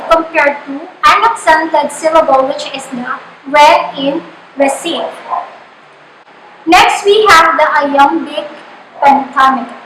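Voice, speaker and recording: A woman teacher with a Filipino accent delivers an online lesson at a slow, deliberate pace. Her voice is high and bright. She is recorded in an echoey small room with faint noise behind her. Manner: slow, deliberate explanation with spoken examples. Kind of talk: online lecture.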